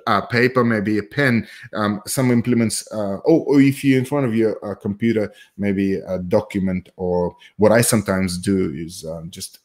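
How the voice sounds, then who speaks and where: A man's voice: on the low side, normal speed, few pauses. A man speaking as a psychologist guest, explaining ideas in a thoughtful way that often stops and restarts. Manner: thoughtful, self-interrupting, laughs at his own jokes. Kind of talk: explanatory conversational talk.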